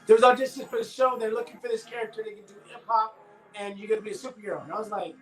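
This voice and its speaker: A middle-aged actor, guesting on a livestream interview over a video call, tells stories in a lively, casual way and acts out the other people's dialogue. His voice is high-pitched and very fast, and the low-quality recording is roomy with soft background music.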